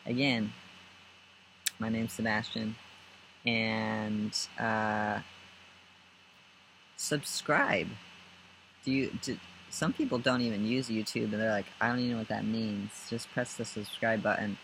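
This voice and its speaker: A young man with a somewhat low voice talks loosely and warmly to camera, rambling through spiritual self-help advice with frequent laughs and a casual "y'all." A faint ambient hum sits under the recording. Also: fairly even intonation, takes it slowly, long pauses, rough recording. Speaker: spiritual guidance and astrology vlogger.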